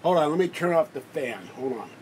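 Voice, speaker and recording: A man chatting on his own live stream, voice sitting a little high for a man. He rambles, grumbles and keeps cutting in on his guest. A faint hiss sits under the home recording. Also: expressive, brisk. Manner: rambling, complaining, talks over his guest. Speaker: livestream host. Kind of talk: casual live-stream chat.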